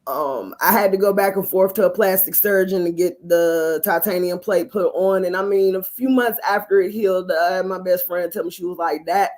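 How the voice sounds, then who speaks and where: A woman's voice: on the low side, normal speed, hardly any pauses, darkish tone. A woman singer and actress, a guest on a live-stream interview, telling her story in an earnest, reflective way.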